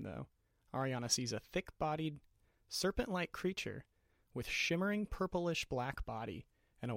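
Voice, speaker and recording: A man reading a fantasy story aloud as narrator, in steady, descriptive narration. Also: mid-range voice, creaky, dry recording, studio quality.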